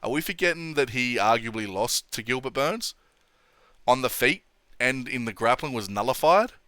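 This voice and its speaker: A man's voice: medium pitch, expressive, normal speed, pushed and bright, clean tone, no echo, studio quality. A young man hosting a casual MMA opinion vlog, blunt and sweary, laughing often. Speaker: MMA commentary channel host.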